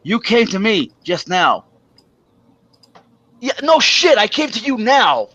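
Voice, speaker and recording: A man's voice: high voice, very animated, slow pace, sharp tone, no echo. Stammering, indignant man on stream. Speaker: stream host. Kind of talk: casual ranting chat. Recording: dull lo-fi sound.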